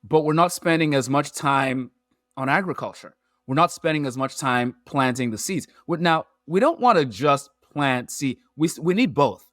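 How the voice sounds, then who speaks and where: A man, a podcast guest who explains his points through lively analogies and metaphors. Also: fairly high pitch, normal speed, no room sound, clean studio sound. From Nigeria. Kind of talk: animated storytelling in an interview.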